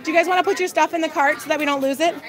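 Racing along in a high voice with a steady tone, a woman in her thirties live-streams from a large store as music plays behind her. She's bubbly and casual, laughing a lot and a bit out of breath.

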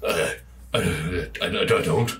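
A man's voice: low-pitched, slow, a bit bright, a little hiss or hum, voice pushed down. A man voicing a frightened, miserly old male dwarf who stammers shakily. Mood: terrified. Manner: stammering, shaky.

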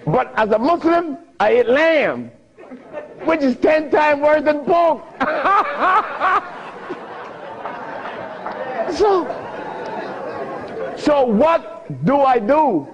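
An older man giving a talk, telling stories with frequent laughter and big swings in pitch. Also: very animated, very slow, long pauses, a faint crowd. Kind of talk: animated storytelling lecture. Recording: muffled lo-fi recording.

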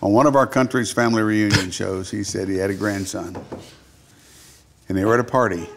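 A man's voice: fairly low pitch, fairly even intonation, fairly quick, pauses often, a little hiss or hum. A man hosting a country variety show, telling jokes and stories in a folksy, casual way. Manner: folksy joking storyteller. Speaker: show host. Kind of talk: casual storytelling chat.

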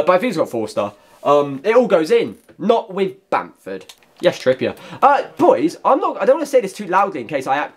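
A young man commentating on his own gameplay, bantering at opponents, now and then shouting and laughing. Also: on the high side. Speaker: gaming YouTuber.

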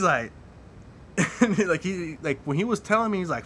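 Brief: profane storyteller, man, slightly high voice, faint hiss, laughs a lot. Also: animated, moderate pace, fairly bright tone. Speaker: podcast guest or host telling a story. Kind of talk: casual chat.

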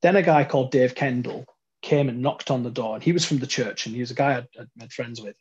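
British guy, husky voice, mid pitch, telling his story kinda earnest and thoughtful. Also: fast, dull audio. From United Kingdom. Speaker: professional wrestler telling his life story. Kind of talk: personal testimony.

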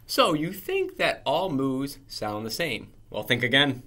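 A man reading a children's picture book aloud in a playful, animated way. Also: mid-range voice, measured pace, hardly any pauses, a little hiss or hum. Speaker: storybook reader.

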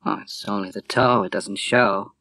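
A man doing a quiet, courteous naval captain. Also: fairly low pitch, steady tone, normal speed, dry recording. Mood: restrained. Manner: soft-spoken, polite and restrained.

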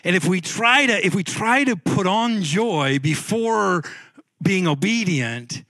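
A man's voice: high-pitched, expressive, slow, bright, forceful tone, no echo. Male pastor preaching in dry sound. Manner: conversational preaching with frequent repeated words and restarts. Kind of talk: sermon. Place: church sanctuary.

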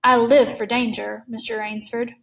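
A woman reading aloud and voicing a suave, menacing aristocratic male hunter who speaks with slow courtly calm. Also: on the high side, gravelly.

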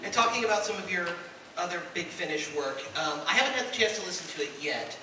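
A man's voice: high voice, animated, fast, background noise. A man moderating a panel, asking questions in a chatty way with self-deprecating asides. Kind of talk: interview questions. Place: convention hall on stage. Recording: echoey hall from far off.

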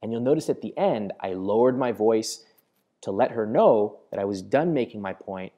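A man teaching to camera in a studio, with a mellow, warm tone. His pitch moves a lot as he talks, and he keeps his delivery expressive and deliberate. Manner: expressive, varied intonation, deliberate slowing. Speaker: host. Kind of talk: instructional talk to camera.

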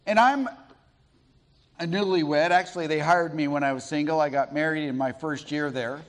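A middle-aged man from Colorado preaching a sermon in a church, telling stories slowly and deliberately with pauses. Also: on the high side. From Colorado, USA. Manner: storytelling, slow and deliberate with pauses. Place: church sanctuary.

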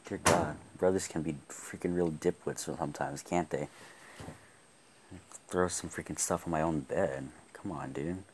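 A young man giving live gameplay commentary, excitable, often laughing and yelling at the game. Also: extremely low pitch, unhurried, background noise. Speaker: gaming YouTuber.

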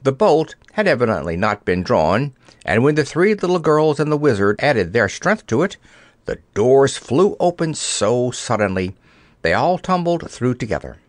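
A man reading a children's fantasy book aloud as narrator, in an expressive storytelling way. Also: mid-range voice, moderate pace, no echo. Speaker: audiobook narrator.

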